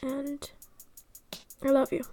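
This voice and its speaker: A woman's voice: high-pitched, completely flat delivery, takes it slowly, mellow, soft background music. A young woman co-hosting a casual faith podcast, chatty and full of fillers. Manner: chatty, filler-heavy phrasing. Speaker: podcast co-host.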